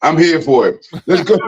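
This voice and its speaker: A man joking in laid-back casual talk-show banter, trailing off low. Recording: dull lo-fi audio.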